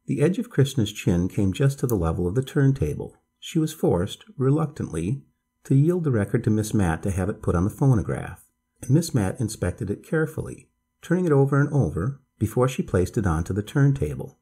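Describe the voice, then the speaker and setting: A man calmly reading a bedtime story aloud as narrator, in a measured storytelling voice. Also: mid-range voice, breathy edge.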